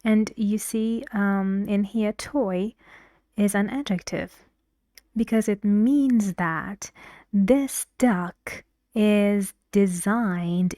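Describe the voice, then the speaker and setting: Very slow, patient woman teacher. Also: medium pitch, warm tone, dry recording, clean studio sound. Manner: slow, patient explaining with pointed examples. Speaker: English teacher. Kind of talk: recorded pronunciation lesson.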